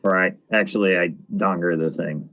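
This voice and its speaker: A man's voice: sits low, fairly even intonation, normal speed, gravelly, pushed and bright, muffled recording. A man playing in a tabletop game, joking around with his friends. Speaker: player.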